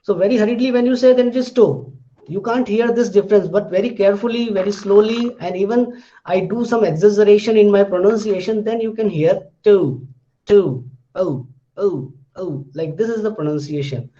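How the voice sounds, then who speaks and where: A man teaching pronunciation, slowly explaining and repeating example words. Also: sits high, warm tone. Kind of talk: slow classroom-style explanation. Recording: dull lo-fi recording.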